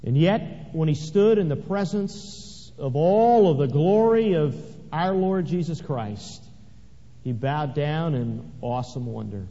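A man's voice: on the high side, animated, slow pace, dark tone. A man preaching a sermon, swelling dramatically when he reads scripture aloud. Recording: echoey hall, dull lo-fi sound.

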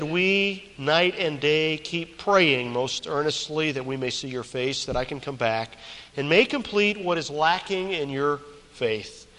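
A man's voice: on the high side, bright, forceful tone. A man preaching a sermon, emphatic and repeating key phrases, telling stories with quoted characters. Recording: long hall reverb.

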